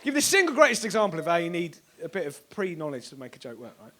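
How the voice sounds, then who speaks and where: A man performing a sweary, animated stand-up comedy set on a club stage, now and then bursting into shouts. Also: fairly high pitch, quick pace. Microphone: stage microphone.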